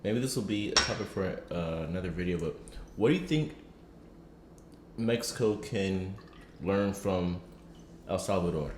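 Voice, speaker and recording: Low-voiced podcast co-host, asks questions, echoey room. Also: male voice, normal speed, long pauses, a little hiss or hum. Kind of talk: casual podcast chat.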